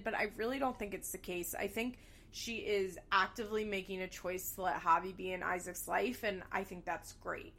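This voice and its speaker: A woman's voice: mid-range voice, normal speed, fairly bright tone. A young woman casually recapping a reality show, candid and sarcastic, swearing freely as she gossips about the cast.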